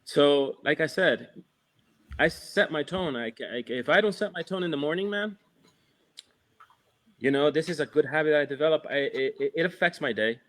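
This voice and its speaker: A man's voice: on the high side, lively intonation, moderate pace, fairly bright tone. Reflective, laid-back male dog trainer. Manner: reflective, loose and laid-back, many restarts. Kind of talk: casual chat.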